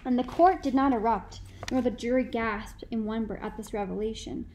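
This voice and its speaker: A woman's voice: fairly high pitch, darkish tone, slight background noise, poor audio. Reflective woman narrating a novel. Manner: measured, reflective storytelling. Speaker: audiobook narrator. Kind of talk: first-person novel narration.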